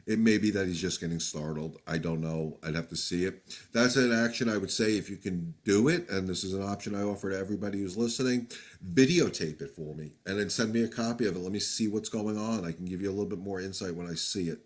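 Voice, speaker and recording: A dog trainer with a low-pitched voice talks fast during a live-stream Q&A. He gives casual advice in a candid, plain-spoken way, with lots of fillers and restarts.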